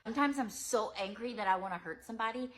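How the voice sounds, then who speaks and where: A young woman, a preschool teacher, giving a gentle and expressive lesson on emotions to small children. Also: a little high, fast talker.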